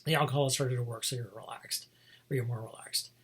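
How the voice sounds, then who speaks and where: Very breathy, husky rambling vlogger. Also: mid-range voice, steady tone, fast talker, a bit bright. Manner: meandering, many fillers and restarts, chuckles often. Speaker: vlog host. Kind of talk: casual rambling monologue.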